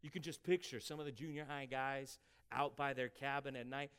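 A man preaching a sermon as pastor, emphatic and rising for scripture, dropping quiet for asides. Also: mid-range voice, fairly even intonation, moderate pace, clean tone. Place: church sanctuary.

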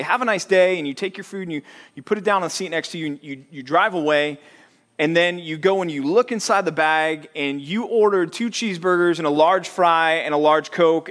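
Young male pastor, somewhat high voice, chatty storytelling sermon. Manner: conversational, animated storytelling with acted-out quotes.

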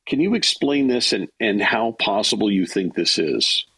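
A man hosts the interview in a very low, husky voice. He reads his prepared questions in a measured way. The sound is dry and close. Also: lively intonation, pushed and bright, no echo, low-quality recording. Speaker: interview host.

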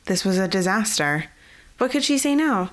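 A woman author reading her own fantasy story aloud in a steady scripted narration and hosting the podcast. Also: mid-range voice, normal speed.

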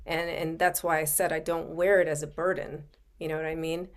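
A woman's voice: low voice, level tone, brisk. A middle-aged woman speaking as a podcast guest, conversational, often adding "you know" and "right". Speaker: podcast guest, coach and author. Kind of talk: casual interview chat.

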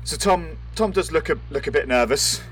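A man's voice: a little high, normal speed, faint music behind. Man running a tabletop game. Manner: relaxed, chatty, often laughing. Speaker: game master.

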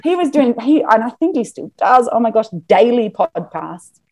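A woman talking as a podcast guest in a casual interview, chatty and animated with plenty of fillers. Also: fairly high pitch, normal speed, a loud crowd. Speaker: podcast guest, marketing business owner.

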